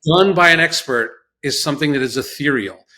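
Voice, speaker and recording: A man's voice: fairly high pitch, brisk. Storytelling chef man, New York raised. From New York area. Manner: storytelling, animated, acts out quotes. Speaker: chef guest. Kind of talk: casual chat.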